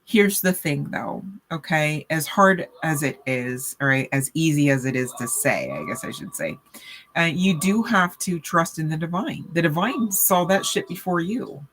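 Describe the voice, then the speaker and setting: Woman tarot reader, bright forward tone, rambling chatty delivery full of check-ins. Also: low-pitched, animated, moderate pace. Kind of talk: casual spiritual reading talk.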